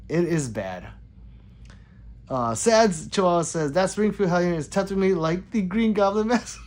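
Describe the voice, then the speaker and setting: A man runs a casual livestream, reading viewers' comments out loud and chatting back to them, laughing often. His voice is high-pitched and a little mellow, with lively intonation and a normal speed.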